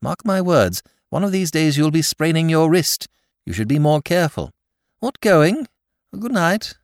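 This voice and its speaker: Male reader doing a sardonic young gent, higher than his own voice, lively and theatrical. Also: no echo, studio quality. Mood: bantering. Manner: bantering, theatrical, quick. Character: brash, mocking young English gentleman.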